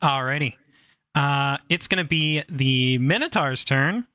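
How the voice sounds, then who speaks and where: A man's voice: on the high side, measured pace, bright, forceful tone, dry recording. A man running a tabletop game as game master, playful and teasing, often laughing.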